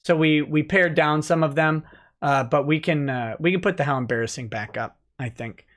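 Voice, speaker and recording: A man's voice: a little high, moderate pace, fairly bright tone. A man hosting a casual livestream, joking and rambling while reading out chat messages. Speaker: livestream host, lawyer.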